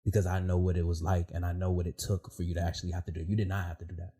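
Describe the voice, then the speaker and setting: A man with a low, slightly husky voice hosts a podcast. He tells stories in an animated, emotional way, full of fillers and casual swearing. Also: very fast. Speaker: podcast host. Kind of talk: casual heartfelt chat.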